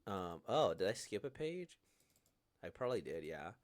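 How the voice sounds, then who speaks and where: A man's voice: deep voice, sing-song, normal speed. A man hosting a casual manga reading reaction, hesitant and full of fillers, laughing often.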